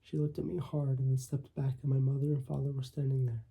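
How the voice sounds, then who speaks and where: A man reading a first-person short story aloud in a measured way, with small slips. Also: medium pitch, flat delivery, vocal fry, warm tone, husky. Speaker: audiobook reader.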